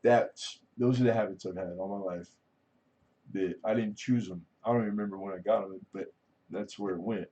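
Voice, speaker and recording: A man's voice: lowish voice, steady tone, brisk, mellow, highs cut off. A middle-aged man hosting a livestream, talking candidly and casually, rambling and swearing freely. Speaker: livestream host.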